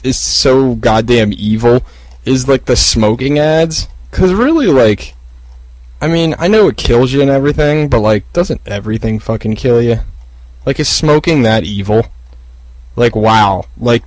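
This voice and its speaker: A man's voice: medium pitch, no room sound, poor audio. A man hosting a solo podcast, rambling and swearing through a casual rant full of fillers and restarts. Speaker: podcast host. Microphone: podcast microphone.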